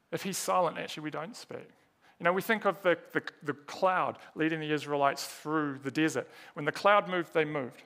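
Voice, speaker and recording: A man's voice: on the high side, gravelly, a bit bright. A man preaching a sermon, earnest and emphatic, asking rhetorical questions and repeating key words.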